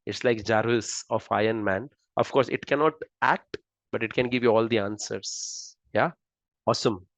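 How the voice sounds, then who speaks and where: A man's voice: on the low side, moderate pace, no room sound, low-quality recording. Indian man lecturing, tag "right?" often. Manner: conversational, keeps asking "right?". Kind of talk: presenting a lecture with slides.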